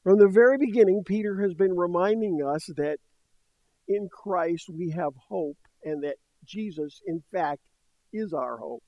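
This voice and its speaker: A man's voice: high-pitched, lively intonation, measured pace, no room sound. An older man preaching a sermon in a conversational way, with light laughs between points. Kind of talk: sermon teaching. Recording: dull dry studio sound.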